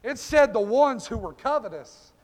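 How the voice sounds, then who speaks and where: A male pastor with a very high-pitched, expressive voice preaches at a moderate pace in a church sanctuary. His fervent revival-style sermon calls out congregation members by name, and the recording echoes through the church hall.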